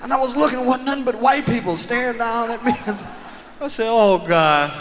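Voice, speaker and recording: High-voiced profane male stand-up comic. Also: brisk, big-room sound. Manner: profane, animated, acts out voices. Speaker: stand-up comedian. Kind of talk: live stand-up storytelling. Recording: live concert album with crowd and hiss.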